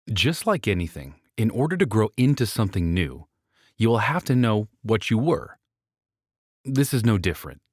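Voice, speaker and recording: A man's voice: on the low side, no echo, clean studio sound. A man reading his own book aloud as an audiobook, persuasive and speaking straight to the listener. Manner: persuasive, addresses the listener directly. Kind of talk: audiobook narration.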